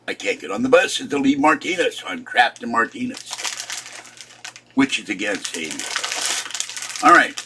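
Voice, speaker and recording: A man's voice: medium pitch, lively intonation, moderate pace, long pauses, background noise. A man in his seventies, tired and upset, rambling through a casual vlog and complaining as he trails off. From Pittsburgh. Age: 70s. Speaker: vlogger.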